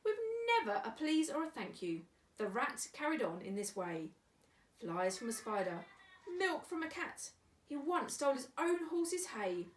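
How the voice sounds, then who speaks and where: A woman's voice: high-pitched, big pitch swings, unhurried, distant mic, a little hiss or hum. A woman volunteer reading a rhyming picture book to children in a sing-song storytime delivery. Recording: echoey room, away from mic.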